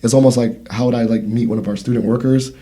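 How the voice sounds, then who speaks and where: A man's voice: mid-range voice, steady tone, fast talker, warm tone. A man in his thirties hosting a casual podcast conversation, telling a story in a rambling way with many fillers and restarts. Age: 30s. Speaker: podcast host.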